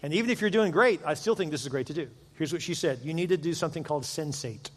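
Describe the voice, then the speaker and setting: A man's voice: fairly high pitch, quick pace, breathy edge. A middle-aged man preaching a sermon to a large church congregation, casual and joking in tone. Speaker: pastor. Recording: long hall reverb.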